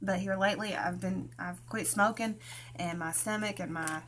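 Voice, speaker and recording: A woman's voice: medium pitch, steady tone, moderate pace, a bit bright. A woman with a Southern US country accent, from Tennessee, chatting folksily while hosting a live craft tutorial and greeting viewers by name. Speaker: craft channel host.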